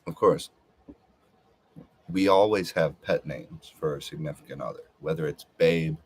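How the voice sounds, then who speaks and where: Slow, very deep husky man. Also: a little hiss or hum. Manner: hesitant, rambling, full of filler words. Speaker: podcast host. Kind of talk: casual rambling monologue.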